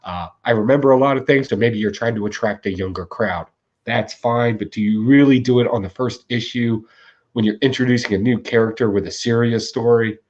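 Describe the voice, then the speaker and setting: A man in his forties co-hosting a comic book podcast, ranting about a bad comic in a casual, animated way with laughs. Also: mid-range voice, a little fast, highs cut off. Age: 40s. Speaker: podcast co-host.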